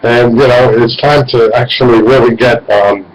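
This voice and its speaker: A man's voice: mid-range voice, steady tone, normal speed, rough recording. A man in his forties hosting a radio call-in show, talking in a rambling, meandering way. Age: 40s. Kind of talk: casual call-in talk.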